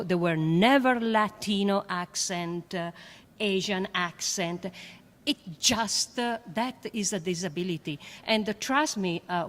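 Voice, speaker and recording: A woman with a French accent, a panelist and astrophysicist, speaking earnestly and emphatically with many halting fillers in a panel discussion. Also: medium pitch. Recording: long hall reverb.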